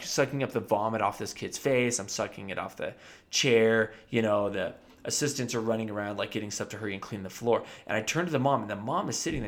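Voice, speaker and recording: A dentist telling a funny story from his practice in a casual chat, animated and often laughing. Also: lowish voice, gravelly. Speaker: podcast co-host.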